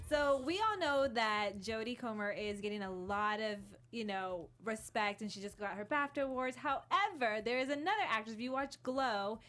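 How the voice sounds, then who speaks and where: A woman from Colombia co-hosting a casual TV recap, animated and gossipy. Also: on the high side, moderate pace, hardly any pauses, a little hiss or hum. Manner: animated, laughs often, gossipy. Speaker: co-host.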